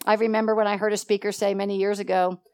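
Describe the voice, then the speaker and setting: A woman teaching a church Bible study with animated energy, laughing often and acting out conversations. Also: mid-range voice, quick pace, clean tone. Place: church meeting room.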